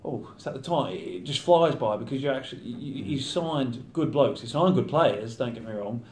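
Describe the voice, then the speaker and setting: Man, 30, professional footballer, relaxed interview talk, mid-pitched, echoey room sound. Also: a little fast, a little hiss or hum. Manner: chatty, acts out teammates' banter. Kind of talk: casual interview chat. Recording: roomy echo.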